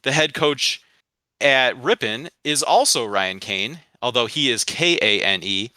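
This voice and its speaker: A Midwestern man with a Michigan accent co-hosts a sports podcast, chatting ramblingly with many asides. His medium-pitched voice is expressive and measured, pushed and bright, with no echo.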